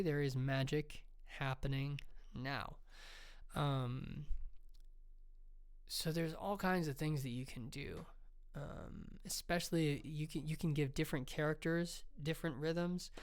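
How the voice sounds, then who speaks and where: A man who writes fantasy explains his craft in a casual, rambling way. His slightly high voice is smooth and resonant. He often restarts his sentences and leans on ums. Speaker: fantasy author.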